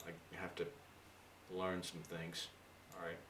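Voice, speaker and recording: A man's voice: low-pitched, completely flat delivery, unhurried, recorded from a distance, background noise. A middle-aged man giving a rambling, chatty English lesson with lots of fillers. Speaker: English teacher. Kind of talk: casual video lesson. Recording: echoey room, voice off-mic.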